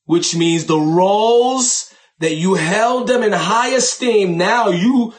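Preacher, male, fairly high voice, casual and animated delivery, slows down hard for emphasis. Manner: animated, conversational preaching with sudden slowdowns for emphasis. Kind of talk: sermon.

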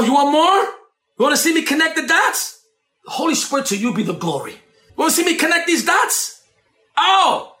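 A man preaching a sermon, shouting and dramatic, with asides to the congregation. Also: very high voice, roomy sound.

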